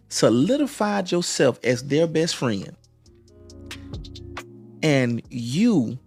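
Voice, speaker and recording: A man's voice: mid-range voice, a little mellow. A man hosting a live stream, giving relationship advice in a preachy way, repeating phrases and restarting often. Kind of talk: motivational live-stream talk.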